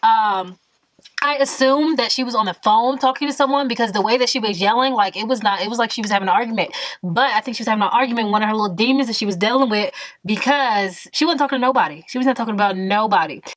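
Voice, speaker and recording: A woman in her twenties telling a story in a vlog, animated and emphatic, full of exasperation. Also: fairly high pitch, quick pace, dry recording. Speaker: vlogger.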